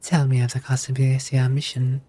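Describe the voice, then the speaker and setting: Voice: medium pitch, monotone, moderate pace, warm tone, a little hiss or hum. A streamer with a US Southern accent, chatting casually and reading game dialogue aloud, easygoing and chuckling between remarks.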